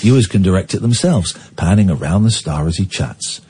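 Male radio host, husky low voice, animated delivery, chatty, rambling asides. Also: brisk. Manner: rambling, chatty, reading items aloud with asides. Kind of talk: casual talk radio with listener calls.

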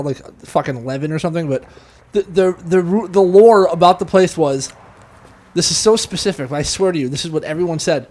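Man, high voice, casual podcast chat, excitable, swears a lot. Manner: excitable, profane, laughing anecdotes.

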